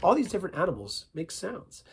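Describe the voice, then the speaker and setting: A man teaching a playful vocal warm-up lesson as a music teacher, upbeat and jokey, breaking into little sung snippets. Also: high voice, wildly swooping pitch, fairly quick, vocal fry, a little hiss or hum.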